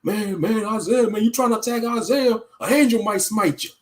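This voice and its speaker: Man doing a scared ancient townsman, high voice, fast, anxious, urgent. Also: close to an everyday voice. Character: frightened ancient townsman fleeing a prophet.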